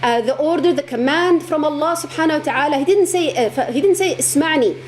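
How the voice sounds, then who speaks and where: A woman's voice: high-pitched, fast talker, a little hiss or hum. A woman giving an impassioned religious talk to an audience, repeating words for emphasis. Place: lecture hall.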